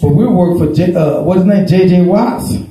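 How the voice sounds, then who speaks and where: Pastor, dark mellow voice, folksy preaching with shouted peaks, very echoey church. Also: male voice, sits high, normal speed. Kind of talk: sermon. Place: church sanctuary.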